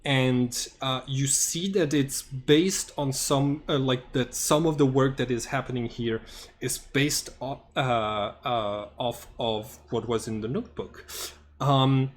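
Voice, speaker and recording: A man's voice: medium pitch, fairly even intonation, slow pace. A man running a tabletop game as game master, hesitant and full of filler sounds, on a headset. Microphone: headphones with microphone.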